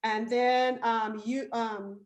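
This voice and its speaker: High-voiced chatty woman co-host. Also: slow, lo-fi sound. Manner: chatty and excitable, with frequent fillers. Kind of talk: casual chat about sports.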